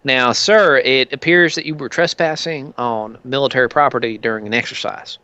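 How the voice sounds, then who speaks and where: A man's voice: medium pitch, steady tone, moderate pace, pushed and bright, smooth, dry recording, lightly acted. Guy playing slick govt official, formal, sir this sir that, dull mic. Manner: formal, keeps saying sir, persuasive. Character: smooth-talking male government official, slick.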